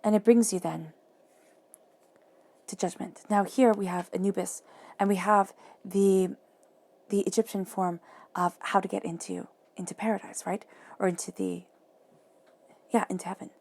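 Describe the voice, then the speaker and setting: A woman giving a monthly tarot reading, talking softly and reflectively and repeating phrases for emphasis. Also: medium pitch, fairly even intonation, moderate pace, vocal fry, pauses often. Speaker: tarot reader.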